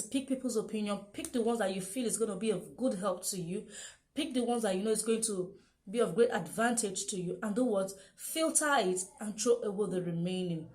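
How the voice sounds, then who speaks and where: A woman's voice: mid-range voice, darkish tone. A young woman giving a motivational self-help talk, repeating key phrases and asking rhetorical questions. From Nigeria.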